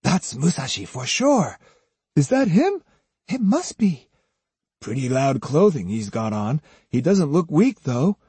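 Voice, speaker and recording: A man's voice: fairly high pitch, big pitch swings, a little slow, warm tone, breathy edge, dry recording, exaggerated voice. A man voicing puzzled, chattering onlookers in a crowd. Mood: puzzled, gossiping.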